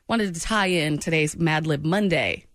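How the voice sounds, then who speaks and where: A woman hosting a morning radio show, teasing and laughing with her co-hosts. Her voice sits a little low and comes across dry and close on a studio mic. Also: normal speed, no room sound. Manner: playful, teasing, laughs often. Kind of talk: casual radio banter. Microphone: studio microphone.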